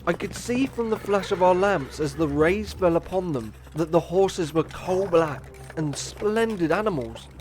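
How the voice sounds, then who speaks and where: Man playing a young Victorian traveller, narrator, slightly high voice, earnest, measured, audio drama. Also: expressive, darkish tone. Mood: tense.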